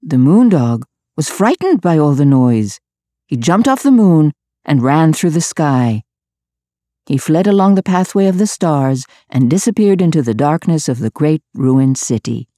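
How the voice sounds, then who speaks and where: A woman reading a children's storybook aloud, expressive and measured. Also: low-pitched, no echo, clean studio sound.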